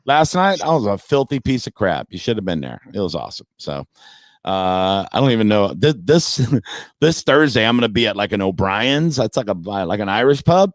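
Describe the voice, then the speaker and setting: A man's voice: on the low side, very animated, normal speed, no room sound. Brash, profane man ranting on a podcast. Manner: brash, profane, mocking rants. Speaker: comedian and podcast guest. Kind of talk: casual sports talk.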